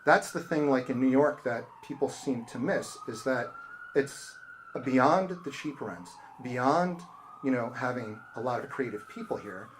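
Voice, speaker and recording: A man's voice: medium pitch, moderate pace, slight background noise. Man, middle-aged, author talk, storytelling, acts out quotes, bookstore audience Q&A. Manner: storytelling, acting out quoted people. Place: bookstore event space.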